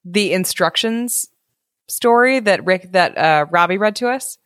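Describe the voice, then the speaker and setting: A woman's voice: medium pitch, a little slow, a bit bright, dry recording, clean studio sound. A woman chatting casually and enthusiastically about a story. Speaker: co-host listener. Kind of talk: casual chat.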